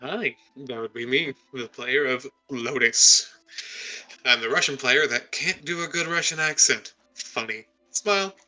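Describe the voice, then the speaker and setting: Bright, sharp-voiced guy at the table, wry jokes, faint music. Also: medium pitch, a little slow, rough recording. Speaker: player. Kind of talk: casual chat.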